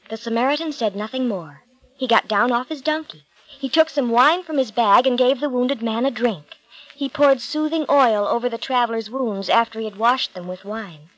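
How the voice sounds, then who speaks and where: A woman narrating a Bible story with clear, measured storytelling. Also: a little high, fairly bright tone, dry recording, rough recording.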